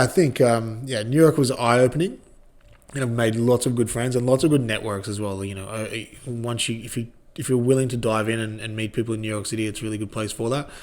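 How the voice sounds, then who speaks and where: This Australian man in his thirties, once a rugby league player, is a guest on a podcast, rambling casually and cursing without restraint. He has a lowish, darkish voice.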